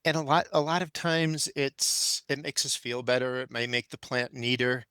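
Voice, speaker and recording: A man's voice: mid-range voice, level tone, moderate pace, bright, forceful tone, clear, resonant tone, no room sound. An older man, a gardening expert and guest on a podcast, talking thoughtfully and with firm opinions. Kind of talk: casual conversation.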